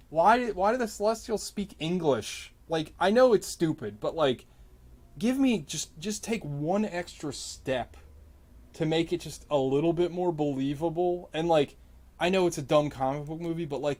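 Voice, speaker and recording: A man vlogging while he draws, ranting casually about a movie in a rambling, profane way, his voice jumping up in pitch when he gets exasperated. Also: darkish tone. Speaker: artist vlogger. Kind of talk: casual rant while drawing.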